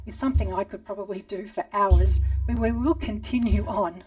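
A woman teaching a rhythm lesson, calmly guiding movement and chanting syllables. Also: medium pitch, slightly rough, distant mic, soft background music. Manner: calm, slow guiding speech mixed with chanted syllables. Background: drum beat.

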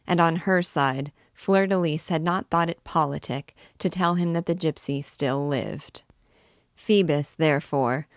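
Woman narrator, low and unhurried, measured literary reading; dry close mic. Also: no room sound. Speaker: reader and guide of a book series. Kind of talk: literary read-aloud narration.

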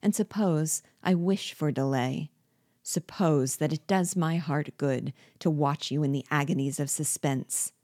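Woman reading vengeful male dwarf, former jester, gloating, bitter, deliberate, low voice. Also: mellow, no room sound, studio quality.

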